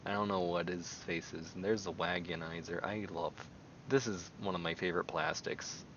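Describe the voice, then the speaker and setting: A man streaming casual commentary while browsing online, rambling excitably and swinging between mumbles and loud bursts. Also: deep voice, moderate pace, lo-fi sound, a little hiss or hum. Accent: American. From American.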